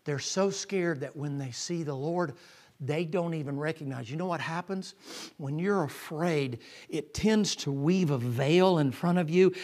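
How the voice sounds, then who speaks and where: A man preaching a sermon in a folksy way, swinging from loud passages to hushed whispers. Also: on the high side, moderate pace. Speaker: pastor.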